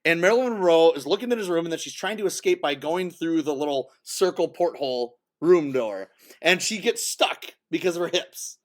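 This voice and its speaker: Podcast co-host, male, high voice, chatty and giggly, mimics film lines. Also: a little fast. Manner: excited, laughs often, acts out lines from films. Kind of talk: casual movie chat.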